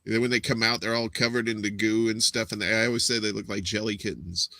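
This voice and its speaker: A man hosts a live show in loose, rambling chat, joking and filling pauses as he goes. His voice is strikingly bright and pushed forward. The sound is close and dry, with no room around it. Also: on the low side, fairly even intonation, creaky, dry recording. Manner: rambling, joke-telling, many fillers. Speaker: show host.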